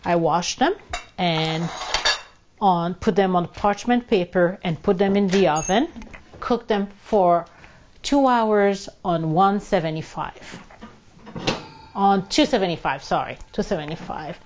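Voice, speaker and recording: A woman talks slowly and chattily as she cooks, walking through every step and dropping French words along the way. Her kitchen sounds a little muffled, with faint sizzling and clatter behind her. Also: fairly low pitch, a little mellow, slight background noise. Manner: chatty, narrates each step, drops into French. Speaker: cooking show host. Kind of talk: casual cooking demonstration. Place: home kitchen.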